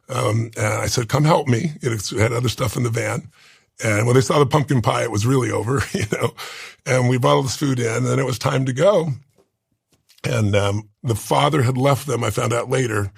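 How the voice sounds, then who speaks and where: A man's voice: medium pitch, gravelly, slightly rough, no room sound, studio quality. A man in his sixties, a guest on an interview show, telling an emotional personal story earnestly. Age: 60s.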